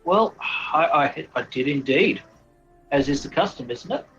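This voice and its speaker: A man's voice: fairly high pitch, sing-song, moderate pace, a bit bright, dull audio, faint music behind. A man playing a tabletop game, speaking politely and hesitantly with many ums. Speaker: player. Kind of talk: casual tabletop game play.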